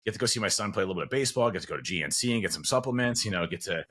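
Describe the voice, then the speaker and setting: A man's voice: lowish voice, lively intonation, very fast, a bit bright, a little hiss or hum. A man, likely a father of teens, chatting casually as a podcast guest, rambling with lots of fillers and acting out quoted conversations. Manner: rambling, many fillers and restarts; acts out quoted dialogue.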